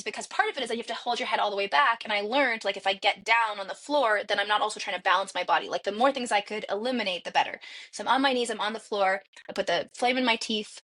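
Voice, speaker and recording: A woman, a podcast guest, telling a story in an animated way and acting out the quoted dialogue. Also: medium pitch. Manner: acts out quoted dialogue with lively shifts.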